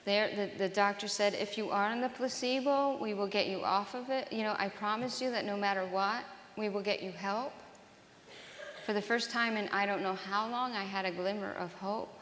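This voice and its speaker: A woman telling her own story to an audience in an earnest, halting way, often restarting her sentences. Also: mid-range voice, fairly bright tone, slight background noise. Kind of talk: personal testimony talk to an audience. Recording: roomy hall with long reverb.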